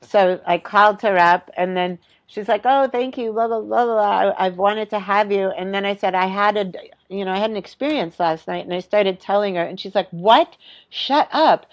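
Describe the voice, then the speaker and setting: A woman in her fifties, a podcast guest telling animated stories, acting out voices, swearing and laughing. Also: medium pitch, brisk, hardly any pauses, lo-fi sound. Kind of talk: casual chat.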